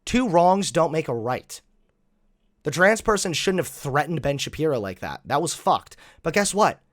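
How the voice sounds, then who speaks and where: A man hosting reaction commentary, animated, mocking and profane. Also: on the high side, normal speed. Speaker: host.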